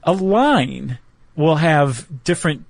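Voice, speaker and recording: A man's voice: on the high side, sing-song, slow, vocal fry, no echo. Chatty male podcast co-host, dry close mic. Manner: chatty, self-deprecating, explains step by step. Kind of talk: casual explanatory chat.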